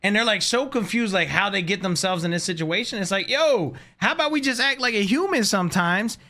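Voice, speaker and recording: A man's voice: sits high, expressive, a little fast, bright, forceful tone. A man hosting a reaction video, talking to his chat in a blunt, slangy, exasperated way. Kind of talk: casual commentary to chat.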